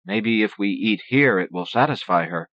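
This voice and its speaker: A mellow, easygoing man, as played by a male audiobook reader, speaks in a laid-back, slightly distracted way. His voice stays low and even. The recording is dry and dull, like old cassette audio. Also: moderate pace, no room sound.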